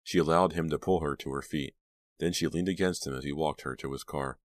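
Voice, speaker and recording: Very deep-voiced male audiobook narrator. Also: fairly quick, no echo, studio quality. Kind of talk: scripted narration.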